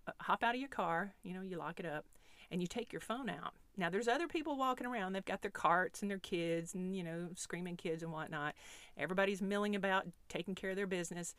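A woman's voice: on the low side, dry recording. A woman self-help coach guiding the listener through a visualization exercise in a coaxing, playful way. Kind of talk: guided visualization talk.

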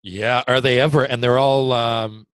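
A man's voice: mid-range voice, measured pace, clean tone, no echo. Man hosting a dry-sounding chat. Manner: relaxed, laughs along, asks follow-up questions. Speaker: podcast host. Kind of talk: casual interview chat.

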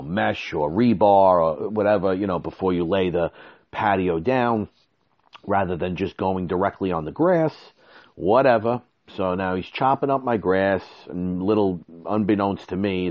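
Animated storytelling man, lo-fi sound. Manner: animated, quick, acts out quotes with sudden high exclamations. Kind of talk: casual storytelling.

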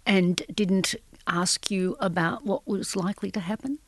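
A woman interviewer asking brief, gentle questions in a soft voice. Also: medium pitch, a little slow, slight background noise.

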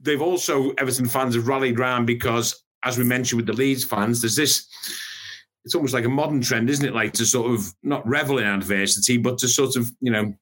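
A man's voice: medium pitch, fairly even intonation, a little fast, fairly bright tone. A man talking football in a casual chat, stumbling over restarts and fillers. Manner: hesitant, many restarts and fillers. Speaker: football pundit.

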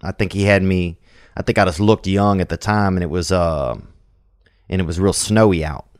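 Low-voiced dude rambling on his podcast, slangy and crude, dry close sound. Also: normal speed, darkish tone, clean tone, no room sound. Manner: loose slangy talk, many fillers and restarts, crude jokes. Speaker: podcast host taking voicemail calls. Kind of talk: casual rambling chat.

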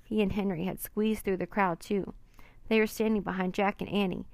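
A woman reads a storybook aloud in steady narration. Her voice has a gravelly fry, and the sound is dry and close with no room around it. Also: mid-range voice, moderate pace, no room sound. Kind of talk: storybook reading.

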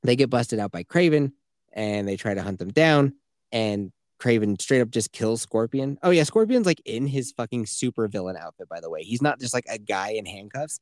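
A man's voice: medium pitch, expressive, normal speed, a little mellow, dry recording, clean studio sound. A man casually retelling a video game's plot on a podcast, profane and mocking. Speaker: podcast host. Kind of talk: casual game review chat.

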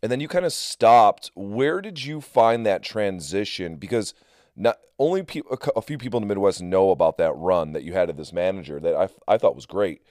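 A man's voice: low voice, expressive, fairly quick, a little mellow, no room sound, clean studio sound. A man hosting a podcast, asking a guest follow-up questions in casual chat. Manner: short affirmations, follow-up questions. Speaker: podcast host. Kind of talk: casual interview.

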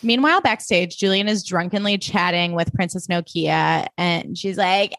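A woman co-hosting a podcast, recapping a show in casual chat with animated retellings. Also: on the low side, normal speed, creaky, hardly any pauses, no room sound, studio quality. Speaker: podcast co-host.

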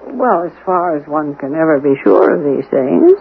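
A prim, composed butler in a vintage radio play, formal and faintly condescending. His voice sits high and swoops with lively pitch. The sound is thin and tinny, with a light hiss over an old recording. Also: normal speed, vocal fry. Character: prim, proper male butler, calm and superior. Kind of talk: vintage radio drama acting.

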